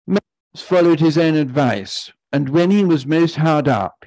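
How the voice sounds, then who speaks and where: Male lecturer, measured prepared reading, mid-pitched voice, dry recording. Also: darkish tone, dry recording, poor audio. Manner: measured, deliberate reading with quoted passages.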